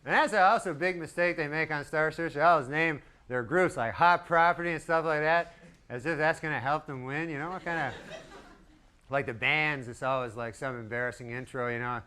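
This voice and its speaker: Deadpan stand-up man, high voice. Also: brisk, smooth. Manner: deadpan, rambling with long asides. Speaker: stand-up comedian. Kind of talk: stand-up comedy set. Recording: live club recording with crowd laughter and noise. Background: audience laughing.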